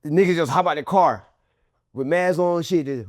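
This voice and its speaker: A man being interviewed as a guest, telling his story in animated, profane slang and acting out what others said in a raised voice. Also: high voice, fairly quick, no room sound, studio quality. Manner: acts out quoted people in a raised voice.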